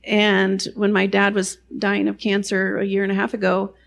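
A woman's voice: medium pitch, completely flat delivery, normal speed, creaky. Chatty middle-aged woman telling a testimony. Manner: chatty, self-deprecating, many "you know" asides. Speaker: guest sharing a faith testimony. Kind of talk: personal testimony storytelling.

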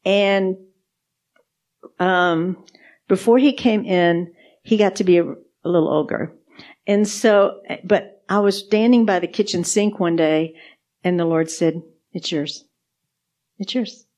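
A woman's voice: lowish voice, a little slow, long pauses, a little mellow. A woman co-hosting a podcast, sharing faith testimonies in casual chat, earnest and repeating words for emphasis. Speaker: podcast co-host.

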